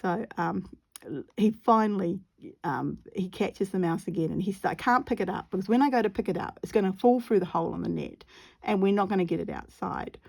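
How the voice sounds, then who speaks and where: Gravelly laughing woman storyteller. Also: mid-range voice, fairly quick. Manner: lively, laughing, acts out her own panicked squeals. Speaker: crafting vlogger. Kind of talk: casual storytelling while crafting.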